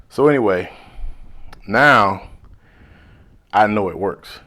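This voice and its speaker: A man, a life coach, telling a personal story in a laid-back, slangy way, now and then dropping to a hushed whisper. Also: low-pitched, a little slow, pauses often. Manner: drops to a hushed whisper when replaying his inner thoughts.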